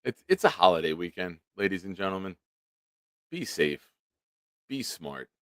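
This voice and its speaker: A man's voice: low-pitched, big pitch swings, normal speed, dry recording, studio quality. A man hosting a sports livestream who chats loosely, swears freely, and reads out viewer comments. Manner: loose and profane, laughs easily. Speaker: livestream sports show host. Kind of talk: casual live-stream chat, reading viewer comments.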